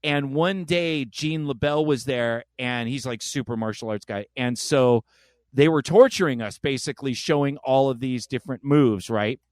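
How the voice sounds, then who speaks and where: A man's voice: medium pitch, normal speed, dry recording, clean studio sound. A man hosting a podcast in casual chat, telling stories with acted-out voices. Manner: animated storyteller, acts out voices. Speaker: podcast host.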